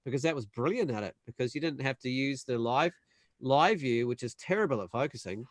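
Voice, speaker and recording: A young man telling a long, animated story in casual chat, acting out the other people's voices. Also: medium pitch, no echo. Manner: animated storyteller, acts out quoted voices, quick bursts. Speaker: panel guest.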